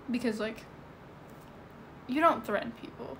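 A woman talks loosely into her phone during a livestream, filling her sentences with "like" and "you know". Her voice sits on the high side. A faint background hum runs under her speech. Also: a bit bright. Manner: rambling, full of "like" and "you know". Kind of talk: casual livestream chat. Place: indoors at home.

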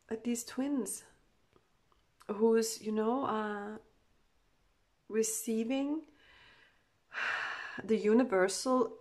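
A woman's voice: fairly high pitch, darkish tone. A woman giving a channeled tarot love reading. She rambles with many fillers and speaks emotively for the people she reads about. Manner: rambling, full of "you know" fillers; emotive, voices what the couple feel. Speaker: tarot card reader.

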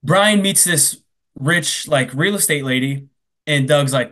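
A man casually retelling a film plot on a comedy podcast, acting out the characters' lines with quick asides. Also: fairly high pitch, lively intonation, fairly bright tone. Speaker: podcast co-host. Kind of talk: casual comedic movie recap.

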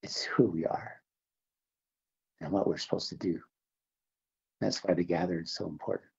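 An older man from the Navajo Nation speaks in an earnest, halting testimony, often repeating himself as he restarts. His voice sits very low, with a gravelly, husky texture and a dark tone. The recording sounds somewhat dull and lo-fi. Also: fairly even intonation. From Navajo Nation, American Southwest. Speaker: interview guest. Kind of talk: religious testimony interview.

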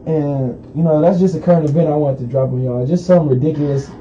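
A man's voice: a little high, fairly even intonation, brisk, warm tone. A man co-hosting a radio talk show, recounting a news story in loose, rambling casual chat with lots of fillers. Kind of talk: casual current-events chat. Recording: dull lo-fi radio recording, faint hiss.

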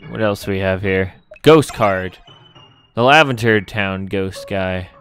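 A man's voice: low voice, unhurried, fairly bright tone, soft background music. A man recording let's play commentary, reading every character's lines in his own voice and exclaiming when startled. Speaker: gamer reading game dialogue aloud.

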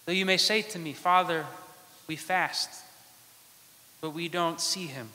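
A man who is a priest, preaching a sermon in measured phrases with dramatic pauses, in a church. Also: a little high, pushed and bright. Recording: long church reverb.

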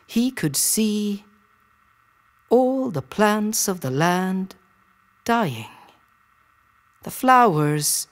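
A woman telling a myth in slow, dramatic, rhythmic phrases. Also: fairly low pitch. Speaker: storyteller. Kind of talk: mythic storytelling over music. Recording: storytelling over clear music.

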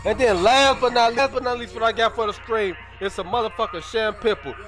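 Young chicago dude streaming, high voice, slangy and cussing, lil music behind. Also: male voice, brisk, fairly bright tone. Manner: slangy, profane, drawling repetitions. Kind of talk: casual stream chat.

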